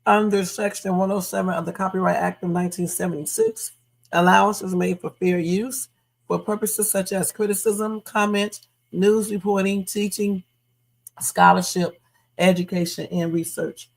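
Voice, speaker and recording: With a medium-pitched voice, some vocal fry and fairly even intonation, this livestream host talks at a moderate pace late at night. She's casual, addressing her audience straight on as "y'all," while faint music plays behind her.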